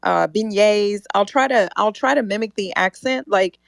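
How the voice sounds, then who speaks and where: A woman co-hosting a podcast, talking casually and joking, sometimes slowing down to stress a point. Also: mid-range voice, vocal fry, no echo, studio quality. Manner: chatty and joking, laughs often. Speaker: podcast co-host. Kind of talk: casual debate chat.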